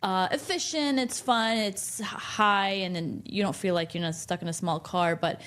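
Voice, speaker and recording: A young woman co-hosting a casual podcast, talking eagerly and at length. Her voice sits in an ordinary middle pitch for a woman. She piles up recommendations in a loose, friendly flow. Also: moderate pace, fairly bright tone. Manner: chatty, enthusiastic, recommends travel spots. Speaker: podcast co-host. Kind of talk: casual chat.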